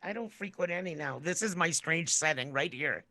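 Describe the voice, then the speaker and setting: A woman co-hosting a podcast in casual chat, joking with quick asides. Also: low voice, expressive, pushed and bright, dry recording. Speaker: podcast co-host.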